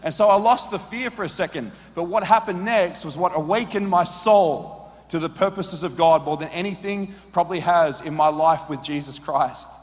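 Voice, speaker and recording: A male preacher tells a story from the pulpit, slightly high in pitch. He drops to a hushed near-whisper, then climbs to loud, urgent peaks. His voice rings with the long reverb of a large hall. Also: normal speed. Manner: drops to hushed quiet in tender moments. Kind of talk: sermon storytelling.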